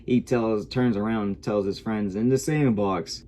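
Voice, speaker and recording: A man's voice: lowish voice, a little slow, warm tone. A man giving a casual, rambling review of a TV episode, swearing freely as he goes. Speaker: show reviewer.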